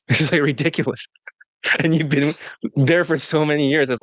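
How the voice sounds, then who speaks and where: A man's voice: a little high, steady tone, moderate pace, fairly bright tone, no echo. Blunt, profane male dating coach. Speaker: dating coach and show host. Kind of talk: casual interview chat.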